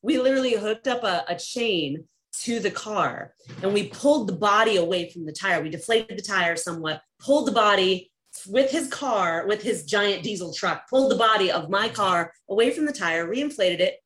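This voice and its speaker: A woman guest tells a story in an animated, laughing way, her voice jumping around as she goes. She speaks at a middling pitch in casual podcast chat. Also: normal speed.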